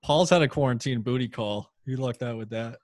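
A man's voice: mid-range voice, brisk, a little mellow. A man co-hosting a casual podcast, making dry, teasing jokes. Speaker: podcast co-host.

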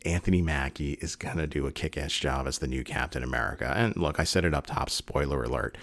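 A man's voice: very deep voice, fast, gravelly, fairly bright tone, no room sound. A man talking casually in video commentary, earnest and rambling with many fillers and restarts, sometimes choked up. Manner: emotional, getting choked up.

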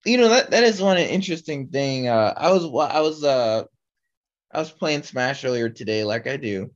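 With a medium-pitched, expressive voice at normal speed, this young co-host keeps the podcast chat casual. He meanders, restarting often and filling gaps with filler words, over slightly dull, lo-fi sound.

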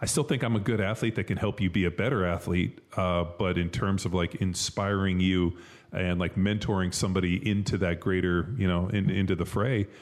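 Deep-voiced man in loose podcast chat. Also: fairly even intonation, brisk. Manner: loose and profane, lots of fillers. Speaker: podcast co-host. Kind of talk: casual chat.

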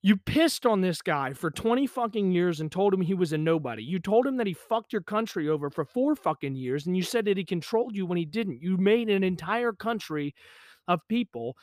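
A man's voice: high voice, expressive, brisk, darkish tone, no room sound, studio quality. A young man hosting a solo podcast, ranting angrily and swearing constantly, recorded in a pump house out in the countryside. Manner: profane, agitated ranting. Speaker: podcast host.

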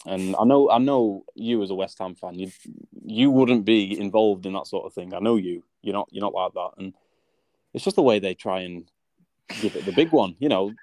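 A man's voice: deep voice, moderate pace, warm tone, no echo. A man co-hosting a casual chat, telling a grumbling story with lots of restarts. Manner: rambling, stammers, grumbling. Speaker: podcast co-host.

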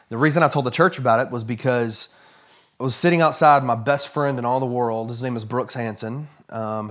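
A man telling a personal story as a guest in a conversation, earnest and halting with many fillers. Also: mid-range voice, a bit bright.

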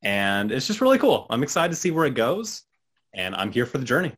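A man's voice: mid-range voice, sing-song, brisk, a bit bright, husky. A man co-hosting a podcast in casual chat, easygoing and rambling as he gives his thoughts. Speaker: podcast co-host.

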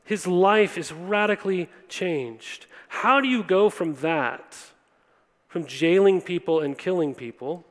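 A young pastor preaches a sermon earnestly, speaking directly to listeners and often checking in with "right?". His high, fairly bright voice takes things slowly, with long hall reverb on the recording.

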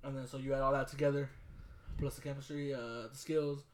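A man co-hosting a casual sports podcast, telling stories with a lot of swearing and loud bursts when he gets excited. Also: mid-range voice, brisk. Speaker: podcast co-host.

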